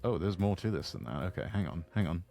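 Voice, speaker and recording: A man on a live stream, reading chat in quiet, low-key asides. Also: animated, quick pace, creaky, faint music behind.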